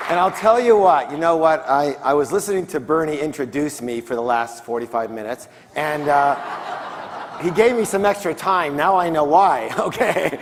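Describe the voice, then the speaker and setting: On stage in a large conference hall, a man with a fairly high voice gives a motivational seminar talk at a moderate pace, drawing call-and-response answers from the audience. The recording has the long reverb of a big hall, a faint crowd, and a little hiss or hum.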